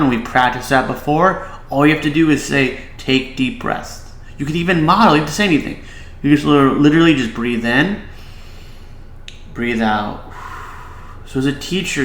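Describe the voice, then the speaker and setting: A man's voice: mid-range voice, fairly bright tone, roomy sound, low-quality recording. A man, a child behavior specialist, giving casual reaction commentary and advice, with many filler "likes".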